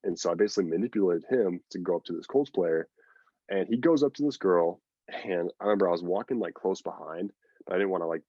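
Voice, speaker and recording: A man's voice: low voice, fast, no room sound, dull audio. A man guest on a podcast, telling a long story in a rambling, casual way with lots of fillers and acted-out quotes. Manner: rambling, filler-heavy, acts out quoted lines.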